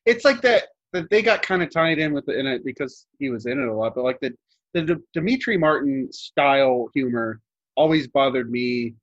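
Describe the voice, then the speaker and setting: A young adult podcast co-host, male, speaks expressively in a mid-range voice at normal speed, with the highs cut off in the audio. His casual chat wanders, full of fillers and restarts.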